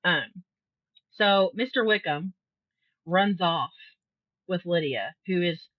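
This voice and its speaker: A woman's voice: fairly low pitch, expressive, slow pace, dry recording, dull audio. A woman co-hosting a podcast, chatting casually about a book, laughing often and acting out quotes. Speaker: podcast co-host.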